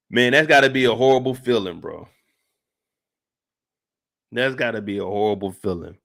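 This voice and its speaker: A young man hosting a casual live after-show, talking in loose slang and acting out reactions with sudden loud outbursts. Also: medium pitch, lively intonation, normal speed, vocal fry. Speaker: host.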